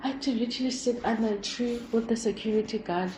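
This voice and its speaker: A young woman hosting her own show, telling personal stories in a rambling, expressive, reflective way. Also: on the high side, fast. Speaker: podcast host. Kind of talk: personal storytelling monologue. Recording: echoey room with faint background hum.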